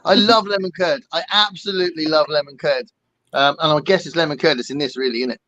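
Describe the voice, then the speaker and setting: A man's voice: a little high, quick pace, bright, forceful tone, no room sound, dull audio. An English man hosting a casual podcast chat, reading out viewer comments with frequent ums and laughs. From England. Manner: chatty, laughs often, many ums. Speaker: podcast host.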